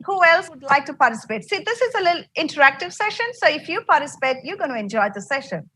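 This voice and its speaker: A woman's voice: high voice, very animated, quick pace, sharp tone. A woman teaching an interactive online English class in an upbeat, encouraging way. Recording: noisy online class audio.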